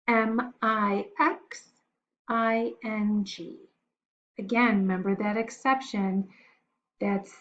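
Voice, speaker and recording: A woman teacher walks young children through their spelling words, sounding out each one letter by letter in a patient, encouraging way. She speaks at an unhurried pace, and the recording has a dull, lo-fi sound. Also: mid-range voice.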